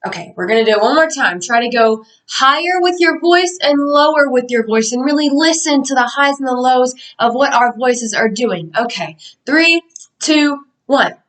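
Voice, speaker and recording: A young woman leads a pretend class of children, her voice light and fairly high. She talks in an upbeat, sing-song teacher manner, drawing out instructions slowly. The mic sits a bit away from her. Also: lively intonation, a bit bright, distant mic, low-quality recording. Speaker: college student teaching a mock class. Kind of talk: mock classroom lesson for children.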